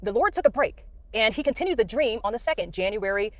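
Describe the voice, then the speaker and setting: Fast-talking earnest woman in a car. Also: fairly high pitch, lively intonation, no echo. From United States. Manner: earnest, rambling, many fillers. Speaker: Christian speaker sharing dreams. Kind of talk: casual testimony.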